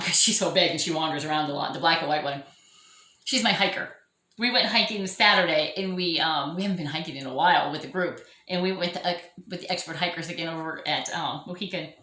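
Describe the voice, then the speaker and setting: A woman's voice: on the low side, pushed and bright. A middle-aged woman hosting her own channel, chatting casually and rambling with self-mocking laughs, recorded at home. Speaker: orchid channel host. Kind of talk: casual chat to camera. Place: home room. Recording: echoey room.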